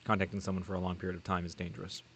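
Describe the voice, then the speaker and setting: A low-voiced, guarded insider , as a man reads him out, speaking in short, careful sentences as if every word on the line could get him caught. He probes, then pulls back, the manner of a secretive male informant in a video game. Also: flat delivery, rapid-fire, fairly bright tone, a little hiss or hum. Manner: guarded, terse and probing. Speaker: game character read aloud.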